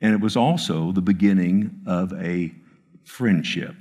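Earnest pastor telling a story in a sermon. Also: male voice, deep voice, a little mellow. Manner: earnest, emphatic, with halting restarts. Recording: long reverb of a large hall.

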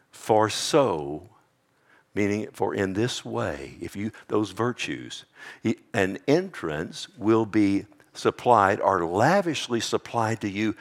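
A man preaching a sermon, swinging between hushed, drawn-out lines and loud ones, often calling out "amen" and "loved one" to his listeners. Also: medium pitch. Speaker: pastor.

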